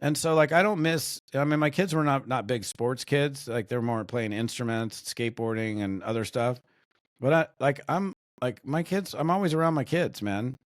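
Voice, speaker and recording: A medium-pitched middle-aged man from the United States talks at a moderate pace as a podcast guest, drawing on his work as a network marketing trainer. His storytelling is animated and meandering, full of fillers and restarts, recorded in studio quality without room sound.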